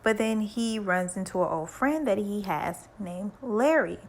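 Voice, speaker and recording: A woman narrating a book summary in a relaxed, slangy, conversational way. Her voice sits at a middle pitch and she speaks plainly. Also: a little slow. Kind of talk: casual retelling of a book.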